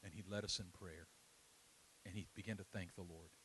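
A middle-aged man preaching a sermon, swinging between loud, soaring passages and quiet, hushed storytelling. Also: low voice, steady tone, moderate pace, a little hiss or hum, poor audio.

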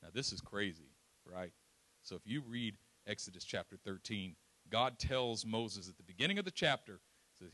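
A male pastor delivers a sermon with a very bright, ringing voice. He is animated, slipping into the voices of the people in his story and moving between loud, excited passages and quiet, hushed ones. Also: medium pitch, normal speed, no echo. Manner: animated preaching, acting out scripture voices, swings from loud to hushed.

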